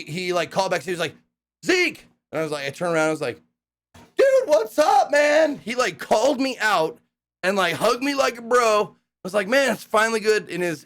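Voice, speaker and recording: A young man casually recapping a hosting gig, rambling and profane, acting out the people he quotes in excited voices. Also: fairly high pitch.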